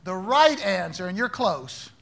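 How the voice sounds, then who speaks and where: A man with a high, ringing voice leads a Bible class, firing questions at the room. His tone is bright and forceful, and he teases wrong answers with playful mock-gravity. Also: sing-song, unhurried, gravelly. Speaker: Bible study teacher.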